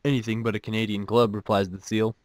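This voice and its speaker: A man's voice: on the low side, little pitch movement, fast, no room sound. A man casually reading jokes aloud and following each one with dry, self-mocking asides. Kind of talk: casual joke reading with commentary.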